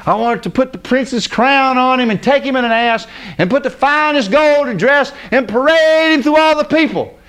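A man's voice: extremely high pitch, quick pace, few pauses, a bit bright, clear, resonant tone, pitched above the performer's own voice. A man voicing a boastful, scheming royal official who gloats about the honors he expects. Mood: grandiose. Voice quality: gloating, showing off.

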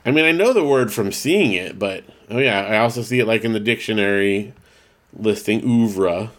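A man's voice: on the low side, lively intonation, brisk, a bit bright. A man co-hosting a casual podcast, rambling and correcting himself as he reads out listener mail. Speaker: podcast co-host. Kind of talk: casual chat.

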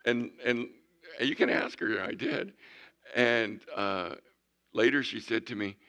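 Older man preaching with a bright voice. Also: mid-range voice, very animated, slow pace, creaky. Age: 60s. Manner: folksy, swings from loud to hushed. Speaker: pastor. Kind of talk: sermon.

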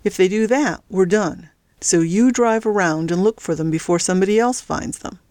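A woman's voice: medium pitch, moderate pace, a little mellow, dry recording, close to an everyday voice. A woman voicing a cold, controlling male crime boss in a storybook reading.

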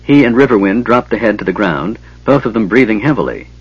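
A man narrating an audiobook in a steady, even reading. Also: lowish voice, brisk, breathy edge, no room sound. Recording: dull lo-fi, dry.

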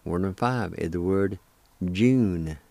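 A middle-aged man teaching words slowly, spelling them out and repeating each syllable, with gentle encouragement. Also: low-pitched, no echo. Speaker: language teacher and radio host. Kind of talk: slow spoken language lesson.

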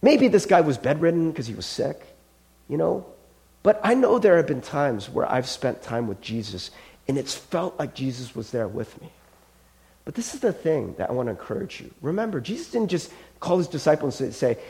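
A man preaching from the pulpit with a fairly high voice. He tells stories in a relaxed, conversational way, stumbling over words and padding with fillers, and goes quieter when he voices the people in his stories. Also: moderate pace, gravelly. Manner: casual storytelling with many fillers and restarts. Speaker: pastor. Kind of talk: sermon.

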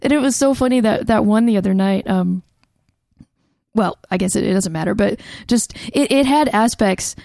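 A woman's voice: mid-range voice, normal speed, gravelly, mellow, dry recording, clean studio sound. A woman co-hosting a podcast in casual chat, talking with many fillers and laughing often. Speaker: podcast co-host.

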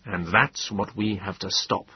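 A man voicing an earnest, persuasive middle-aged male government official in an audiobook, lecturing in a husky voice. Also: deep voice, unhurried, slight background noise. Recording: dull lo-fi dry audiobook.

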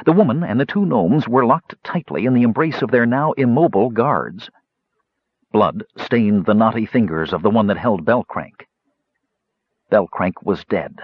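A man reads a fantasy story aloud in an expressive way, with a lively melody that rises and falls. His voice is husky, and the recording is dry and slightly dull. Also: lowish voice, normal speed, no echo. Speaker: audiobook narrator. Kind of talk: scripted narration.

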